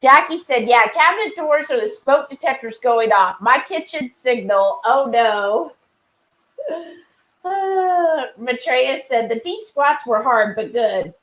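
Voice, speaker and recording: A woman's voice: sits high, takes it slowly, slight background noise, low-quality recording. A woman co-hosting a casual livestream, chatting and reading viewer comments aloud. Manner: reads chat messages aloud, chatty and animated.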